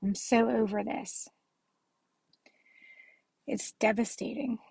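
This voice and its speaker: Gravelly, husky woman speaking tearfully. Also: a little high, fairly even intonation, darkish tone, no room sound, low-quality recording. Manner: earnest, halting, with frequent filler sounds. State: tearful and upset. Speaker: spiritual vlogger. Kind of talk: emotional direct-to-camera appeal.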